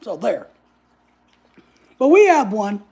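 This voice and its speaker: A woman's voice: medium pitch, big pitch swings, takes it slowly, mellow, slightly rough. A woman, telling a story in a casual vlog, sassy and blunt, swearing freely. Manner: sassy, blunt, swears freely, acts out other people's lines. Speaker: vlogger.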